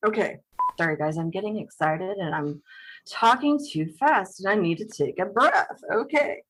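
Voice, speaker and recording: A woman's voice: mid-range voice, expressive, moderate pace, a bit bright, husky, poor audio. A woman co-hosting a podcast in casual chat, giggling, mocking herself and tripping over words. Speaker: podcast co-host.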